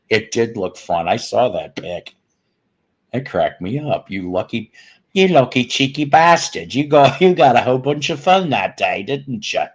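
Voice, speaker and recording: A man in his fifties hosting a casual live stream from home, greeting chat viewers and cracking puns and profane jokes. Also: low voice. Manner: joking, punning, profane asides. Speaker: host of a live music stream.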